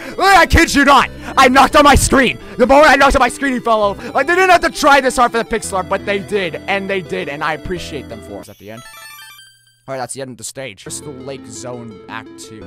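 High, bright, excitable male gamer. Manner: excitable, jokey, bursts into shouts. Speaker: gaming channel host. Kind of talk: excited let's-play reaction commentary.

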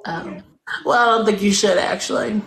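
A woman's voice: medium pitch, steady tone, normal speed, creaky, fairly bright tone, low-quality recording. A woman from Louisiana hosting a live video chat, with a sassy, teasing and blunt way of talking. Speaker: live stream host.

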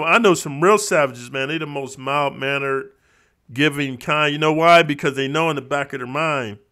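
A man's voice: mid-range voice, bright, forceful tone. A man talking in a casual vlog monologue, streetwise and preachy, constantly calling the listener bro. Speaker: vlogger.

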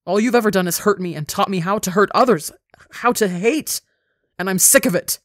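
A reader playing a traumatized young winged man who shouts and snarls with raw fury, in a dry close recording. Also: medium pitch, fairly even intonation, fairly quick, no room sound, natural voice. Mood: screaming.

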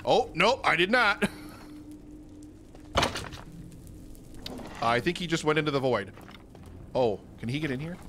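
Excitable man narrating his gameplay. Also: a little high, unhurried, pauses often, noisy background. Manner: excitable, chatty, laughs at himself. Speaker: gaming channel host. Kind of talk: casual let's-play commentary.

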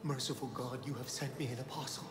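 An actor voicing a pious, calm man who greets a stranger in a horror asylum, speaking solemnly. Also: medium pitch, quick pace, lightly acted.

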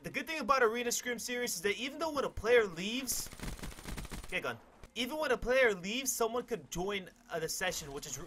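Young male gaming commentator, high bright voice, loud and boastful. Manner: hyped, cocky, swears a lot, sudden yells. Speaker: gaming YouTuber. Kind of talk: gameplay commentary.

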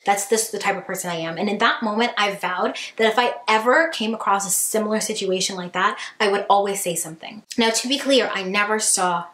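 A woman vlogger telling a story in a lively, chatty way, full of fillers and acted-out quotes. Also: mid-range voice, a little fast, hardly any pauses, reverberant. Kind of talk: storytime vlog.

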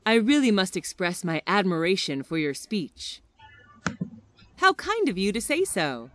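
Woman for a language lesson: reads phrases slowly with lots of pitch movement, dry close sound. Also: dry recording. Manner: expressive, careful enunciation. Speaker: English phrase reader. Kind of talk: slow, clear reading of practice phrases.

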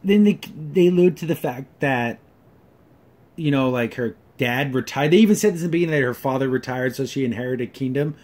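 Male host reviewing an episode, mid-pitched, sarcastic, exasperated, fillers and restarts. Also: fairly quick. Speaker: show reviewer.

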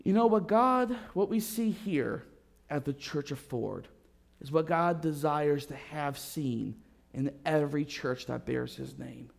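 A man's voice: animated, unhurried, vocal fry. A man preaching a sermon as a pastor, telling a story with dramatic rises and drops in volume. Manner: storytelling with dramatic swings in pitch and loudness. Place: church sanctuary.

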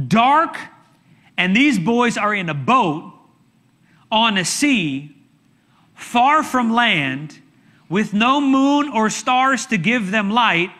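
A man preaching a sermon as pastor, telling the story dramatically with sudden shouts and hushed asides. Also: sits high.

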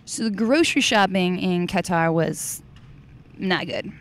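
An American woman talking casually as a podcast guest, chatty and quick to laugh. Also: on the low side. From United States. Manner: chatty, laughs easily, teasing. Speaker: podcast guest, CrossFit coach. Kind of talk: casual interview chat.

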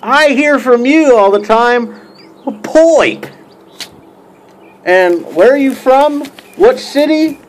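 Speaking unhurriedly in a very high voice, this pipe-smoking YouTube vlogger from the United States addresses the camera casually. He delivers a joking mock roast, wandering off track with many fillers and restarts.

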